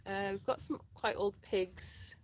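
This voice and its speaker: A woman co-hosting a casual live chat, soft-spoken and giggly, reading out viewer comments. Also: mid-range voice, a little slow, slight background noise.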